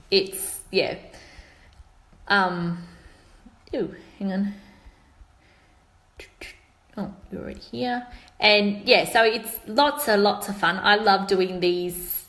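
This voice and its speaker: A woman's voice: medium pitch, steady tone, slow, pauses often, pushed and bright. Chatty Australian woman in an echoey room. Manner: chatty, laughing, explaining slang to viewers. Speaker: author hosting a live stream. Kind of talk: casual live-stream chat.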